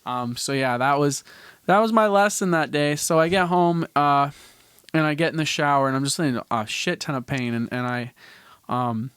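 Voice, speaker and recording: A man's voice: on the high side, normal speed, fairly bright tone, clean tone, no echo. A young man from Canada hosting a podcast, telling a story in a loose, rambling way with lots of restarts and casual swearing. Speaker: podcast host.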